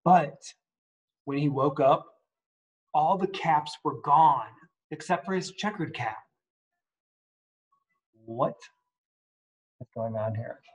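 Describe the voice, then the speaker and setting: A man's voice: a little high, takes it slowly, long pauses, poor audio. A man reading a picture book aloud at story time, adding chatty asides and asking the kids questions, at home. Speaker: reader at children's story time.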